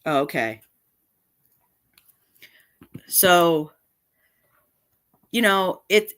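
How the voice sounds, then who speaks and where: A woman's voice: on the low side, a bit bright. A woman vlogger delivering an angry, confrontational rant straight to camera, indignant and repeating her points. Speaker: cat channel vlogger.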